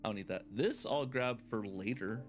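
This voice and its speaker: A man's voice: lowish voice, moderate pace, soft background music. Chatty man streaming a video game. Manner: chatty, laughs often, thinks aloud. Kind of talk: casual let's-play commentary.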